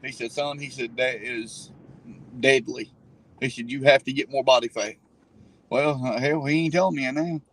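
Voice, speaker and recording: A man's voice: medium pitch, fairly even intonation, moderate pace, a bit bright, poor audio. A man telling stories in a car, cursing freely and laughing at himself. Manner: profane, laughing storyteller. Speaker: guest riding along. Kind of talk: casual chat.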